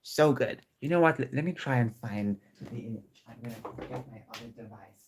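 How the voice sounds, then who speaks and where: A man talking casually to his viewers from home in a chatty, excitable way, often restarting his sentences. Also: medium pitch, brisk, slight background noise. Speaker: vlogger. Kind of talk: casual chat to camera. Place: home room with squeaky chairs.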